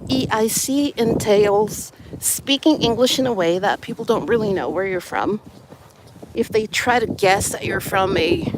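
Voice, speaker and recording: A woman vlogging outside on her phone, talking in a chatty, playful way and explaining with examples. Her voice sits at a medium pitch. Traffic and wind come through clearly behind her. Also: a little slow. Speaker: vlogger and English educator. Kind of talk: casual vlog talk to camera. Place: outdoors in the snow, on a street with traffic. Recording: outdoor phone recording with clear street noise. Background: passing vehicles and wind.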